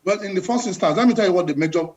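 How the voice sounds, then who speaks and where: A man's voice: high voice, racing, darkish tone, highs cut off. A Nigerian man giving passionate, emphatic political commentary as a guest on a live TV talk show. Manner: passionate, emphatic, talks over the host.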